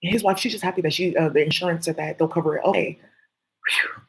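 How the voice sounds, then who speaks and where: Gravelly, very husky vlogger rambling through a conspiratorial monologue, casual and full of fillers. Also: medium pitch, steady tone, quick pace, rough recording.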